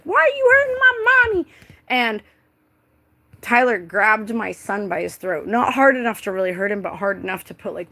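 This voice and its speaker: Gravelly young woman rambling through a story. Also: mid-range voice, fairly bright tone. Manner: rambling, heavy filler "like", frequent swearing. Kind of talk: casual storytime monologue.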